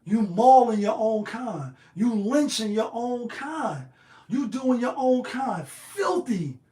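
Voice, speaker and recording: A man's voice: very high-pitched, lively intonation, slow pace, warm tone. A man hosting a livestream, delivering a profane, fiery monologue. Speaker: livestream host. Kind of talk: heated monologue. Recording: echoey room.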